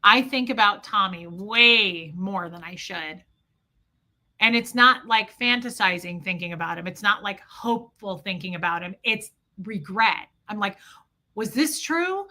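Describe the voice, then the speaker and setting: A woman hosting a livestream, talking emotionally to her viewers and swinging between yelling and quiet reflection. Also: medium pitch, measured pace. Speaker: livestream host.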